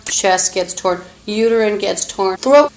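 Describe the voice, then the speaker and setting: A woman's voice: medium pitch, a little slow, echoey room, slight background noise, low-quality recording. A woman on a phone live stream, talking in an agitated, rambling monologue full of profanity. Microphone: phone streaming app.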